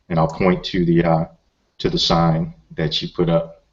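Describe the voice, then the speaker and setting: A man's voice: low-pitched, monotone, unhurried. A middle-aged man playing a tabletop role-playing game, hesitant with many fillers. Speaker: player. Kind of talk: tabletop role-play, in and out of character. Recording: slightly muffled lo-fi recording.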